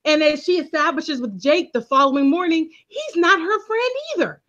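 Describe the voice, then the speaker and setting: A woman with a high voice co-hosting a TV recap, talking emphatically and quickly. Her audio is dull and lo-fi. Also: expressive, a bit bright. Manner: emphatic and quick, laughing often. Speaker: podcast co-host. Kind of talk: casual TV recap chat.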